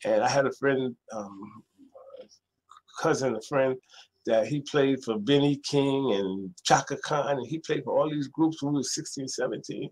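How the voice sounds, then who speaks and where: A man, a librarian telling stories as a guest in a casual interview, animated and acting out other people's voices. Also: mid-range voice, moderate pace, low-quality recording. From New York City. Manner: animated storyteller, acts out quoted voices.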